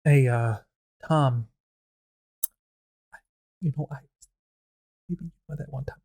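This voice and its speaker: A man's voice: medium pitch, completely flat delivery, a little fast, mellow, lightly acted. A man doing a stumbling awkward guy. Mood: hesitant. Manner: hesitant, stumbling.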